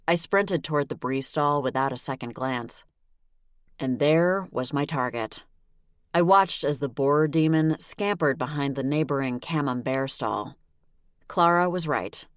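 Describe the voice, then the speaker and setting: A woman narrating a first-person audiobook in a wry, lively storytelling manner, close on a studio mic. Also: low voice, unhurried, dry recording.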